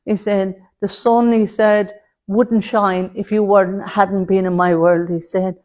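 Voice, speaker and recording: A woman's voice: mid-range voice, flat delivery, a little slow. Lady medium on a platform, chatty, calls everyone love. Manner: chatty, warm terms of address, relays messages in quotes. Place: spiritualist centre hall before an audience.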